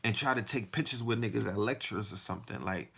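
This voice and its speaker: A man's voice: on the low side, fast, creaky, a bit bright, slightly rough. A man hosting a podcast, delivering a heated, profane monologue full of rhetorical questions. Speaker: podcast host.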